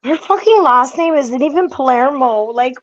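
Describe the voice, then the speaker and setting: Swearing woman ranting on a dull muffled stream, higher voice. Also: lively intonation, moderate pace. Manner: blunt, profane, rambling. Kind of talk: casual chat.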